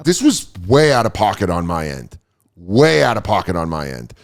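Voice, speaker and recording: A man hosting a podcast, telling a story in casual chat, swearing freely and acting out the people he quotes with sudden jumps in pitch. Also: big pitch swings, moderate pace. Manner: profane. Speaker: podcast host.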